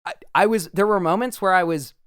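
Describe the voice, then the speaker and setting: A man co-hosting a casual podcast chat, animated and jokey, often slipping into mock impressions. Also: sits high, a little fast, smooth, no room sound, clean studio sound. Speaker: podcast co-host.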